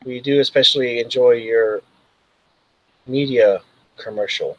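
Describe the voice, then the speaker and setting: A man's voice: mid-range voice, measured pace, fairly bright tone, close to an everyday voice, poor audio. A man voicing a stiff, formal protocol droid translator with stilted diplomatic phrasing.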